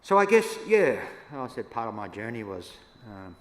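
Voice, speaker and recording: An older Australian man, a First Nations elder, telling stories to an audience in a relaxed, yarning way with laughs between them. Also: medium pitch, moderate pace. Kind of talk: storytelling talk to an audience. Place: church hall. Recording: echoey hall, faint room noise.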